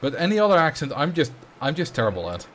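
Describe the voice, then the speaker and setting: A man's voice: a little high, big pitch swings, fast, a bit bright, slight background noise. A man from the Netherlands with a Dutch accent, chatting casually on a game livestream and rambling with fillers as he reacts to chat. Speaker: streamer.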